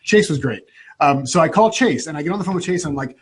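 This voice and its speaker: Husky-voiced man telling his story. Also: a little high, quick pace. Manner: animated, with frequent restarts. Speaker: guest. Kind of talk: personal storytelling in an interview.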